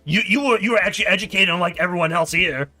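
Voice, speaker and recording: A man's voice: high voice, fast, pushed and bright, faint music behind, pitched above the performer's own voice, full character voice. A man voicing a brash male companion with a Bronx accent, pushing a friend along. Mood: coaxing. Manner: pushy, coaxing.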